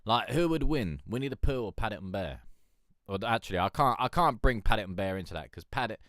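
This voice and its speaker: A man's voice: fairly low pitch, animated, quick pace, a bit bright, dry recording, studio quality. A man hosting a music review stream, rambling and joking in casual chat. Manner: rambling, joking, swears, laughs a lot.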